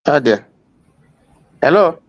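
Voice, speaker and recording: A man's voice: a little high, sing-song, takes it slowly, dry recording, dull audio. Emphatic man in a debate. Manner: emphatic, repeats himself, interrupts. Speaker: panel guest. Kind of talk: heated debate.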